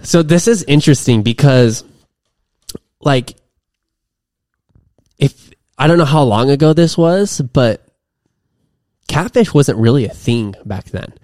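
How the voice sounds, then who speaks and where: A man's voice: mid-range voice, expressive, slow pace, long pauses, a little mellow, no room sound, clean studio sound. Rambling young male podcast co-host. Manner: rambling, many fillers and restarts. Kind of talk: casual chat.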